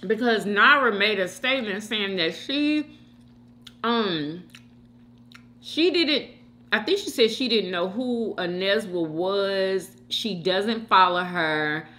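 A woman hosts a mukbang and chats casually between bites. Her pitch swings widely as she talks, and her voice has a bright, forceful edge. She is opinionated and speaks directly to her viewers. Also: expressive, slow. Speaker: mukbang host. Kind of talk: casual chat while eating.

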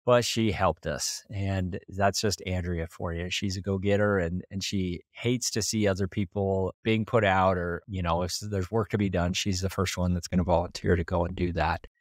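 A man's voice: deep voice, fairly even intonation, moderate pace, few pauses, dry recording, clean studio sound. A man from small-town Idaho, hosting a podcast and earnestly retelling a personal story with occasional chuckles. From small-town Idaho, USA. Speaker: podcast host.

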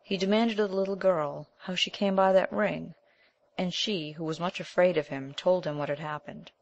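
A woman narrating an old chivalric romance as scripted audiobook narration, in a measured, even reading. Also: on the low side, gravelly, dull audio.

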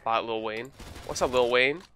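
A man's voice: medium pitch, fairly even intonation, moderate pace, sharp tone, a little hiss or hum. A man hosting a gaming video, joking and trash-talking in casual commentary while he plays. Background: game gunfire and keyboard clicks.

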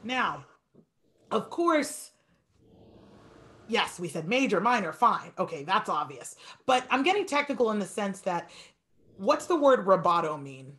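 Woman, piano teacher, fast and animated delivery, very expressive pitch, encouraging masterclass tone.

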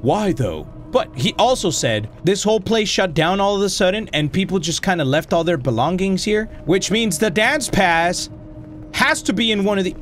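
An excitable young man narrating his own gameplay in a high, animated voice. He jumps between mumbling to himself and yelling, with frequent swearing and laughter. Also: normal speed. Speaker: gaming YouTuber. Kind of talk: let's play commentary.

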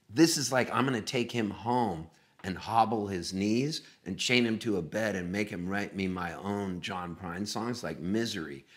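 A man telling a funny story as a guest, animated and often laughing. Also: fairly low pitch. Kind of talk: casual storytelling.

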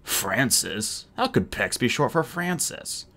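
A man voicing a dim-witted hulking male henchman, slow and dull. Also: medium pitch, sing-song, sharp tone, heavily acted. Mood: annoyed.

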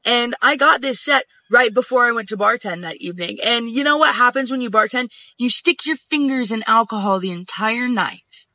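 Very high, bright-voiced man venting. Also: moderate pace, few pauses, dry recording. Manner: venting, emphatic, swears freely. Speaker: social media storyteller. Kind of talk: casual storytime monologue.

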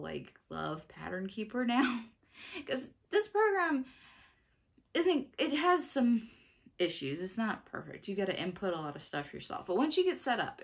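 A woman's voice: medium pitch, creaky. A woman in her thirties chatting casually as a cross-stitch vlogger, laughing often and restarting her sentences. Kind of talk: casual chat.

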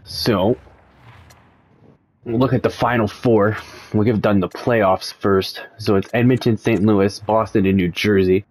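A man's voice: lowish voice, measured pace. A young man, casually commenting over a sports video game as he plays and thinks aloud. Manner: relaxed, thinking aloud, excited by close results. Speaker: gaming channel host.

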